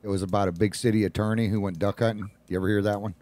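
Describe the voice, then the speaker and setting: A man hosting a casual talk radio show, folksy and quick to laugh at his own jokes. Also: fairly low pitch, level tone, a little mellow.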